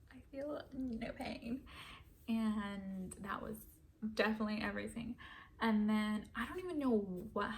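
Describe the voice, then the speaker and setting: A young woman telling a personal story in a casual, animated way, dropping to a whisper when she quotes herself. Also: a little high, a little hiss or hum. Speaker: vlogger.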